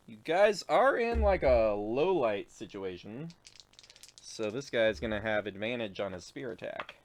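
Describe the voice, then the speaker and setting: A man narrating as game master of a tabletop game in a laid-back, chuckling manner with many fillers. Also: on the low side. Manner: laid-back, laughs often, lots of fillers.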